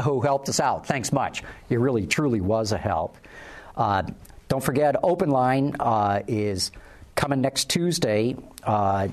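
Guy hosting a chat show, laid back and rambly, lots of restarts. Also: mid-range voice. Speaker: talk show host. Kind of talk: casual panel chat.

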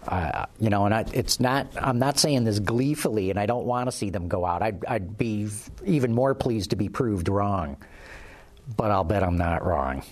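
A man's voice: lowish voice, moderate pace. A man hosting a casual talk show, rambling and restarting his sentences. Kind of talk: casual panel chat.

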